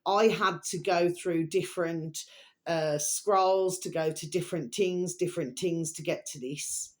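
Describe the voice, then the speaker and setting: A woman's voice: lowish voice, a little slow. A woman ranting to her viewers in a vlog, swearing heavily and rambling with constant fillers. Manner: swears heavily, keeps calling viewers her delicious little babies; rambling, filler-laden, repeats "okay" and "there we are". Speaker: video blogger.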